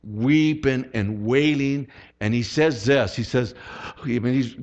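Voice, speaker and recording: A man preaching a sermon as pastor, telling a personal story with lively acted-out quotes. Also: mid-range voice, slow pace, muffled recording.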